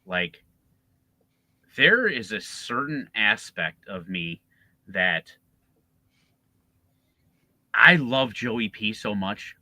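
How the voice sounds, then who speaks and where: A man co-hosting a sports podcast in a casual, profane rant. His voice is very bright and forceful, and it swings widely in pitch as he gets worked up. The sound is dry and close. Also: big pitch swings, extremely slow, long pauses, dry recording, rough recording. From Chicago area. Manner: profane, ranting, laughing often. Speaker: podcast co-host.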